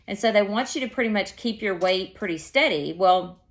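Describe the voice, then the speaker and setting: A woman's voice: medium pitch, expressive, normal speed. Woman, casual vlog chat, rambling, self-correcting, mid-range voice. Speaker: vlogger.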